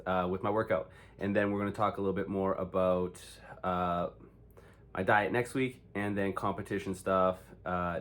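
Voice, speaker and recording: Upbeat lower-voiced male fitness vlogger. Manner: upbeat, loose, swears casually. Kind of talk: casual vlog talk to camera.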